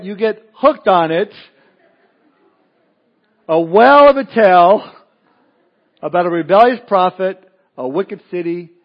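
A pastor with a high voice preaching a sermon, moving between folksy jokes and prayer. The recording is dull and lo-fi, with muffled highs. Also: male voice. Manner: folksy, joking asides and prayer.

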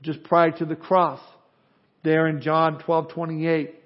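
A pastor with a high voice delivers a slow, expressive sermon to his congregation, pushing key points loudly and dropping into quiet asides between them. The recording sounds dull and lo-fi.

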